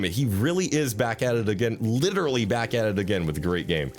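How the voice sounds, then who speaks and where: Male streamer, casual gaming commentary, profane, joking, wildly animated pitch. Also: brisk. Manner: excitable, profane, joking, with sudden jumps in pitch. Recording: faint background game music.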